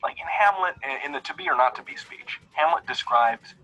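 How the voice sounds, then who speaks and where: A man's voice: mid-range voice, lively intonation, fairly quick, pushed and bright. A man teaching grammar in a recorded video lesson, enthusiastic and chatty, with casual fillers. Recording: lo-fi video played back.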